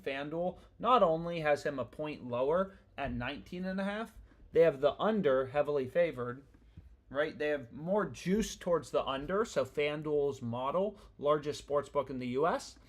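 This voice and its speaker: A young man hosts a casual betting live stream, talking in loose slang and swearing freely. His voice sits a little higher than most men's. He rambles and jumps between thoughts as he works through his picks. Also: moderate pace. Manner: slangy, profane, rambling and restless. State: annoyed.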